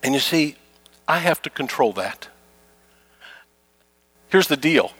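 A middle-aged pastor preaches in a loose, conversational way, circling back to the same phrases and voicing everyday gripes. His voice sits a little high for a man, and the recording is close and dry. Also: expressive, slow pace, fairly bright tone, husky, no echo. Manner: conversational preaching, repeats phrases, acts out complaints. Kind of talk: sermon.

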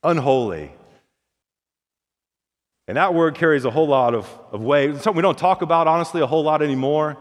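A man's voice: a little high, very fast, few pauses. A male pastor preaching a sermon in a folksy, storytelling way, often restarting and repeating words. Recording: long hall reverb.

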